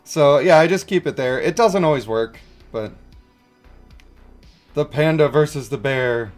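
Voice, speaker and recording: Chatty, slightly high-voiced male streamer. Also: measured pace, long pauses, soft background music. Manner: rambling, chuckling, answering chat. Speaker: mobile game streamer. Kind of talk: casual livestream chat.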